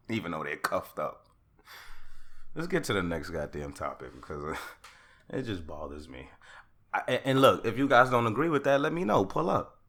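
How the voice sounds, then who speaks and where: A young man hosting his own podcast, ranting in a casual monologue that swings from loud outbursts to calmer talk. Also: fairly low pitch, normal speed, long pauses. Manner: rants loudly, then calms down. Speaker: podcast host.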